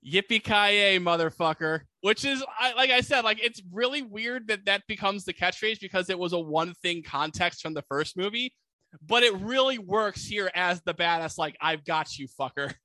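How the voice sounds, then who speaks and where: A man's voice: high voice, moderate pace, bright, forceful tone, no room sound. A man co-hosting a casual podcast, animatedly retelling a movie plot and acting out quoted lines. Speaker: podcast co-host. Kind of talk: casual movie recap chat.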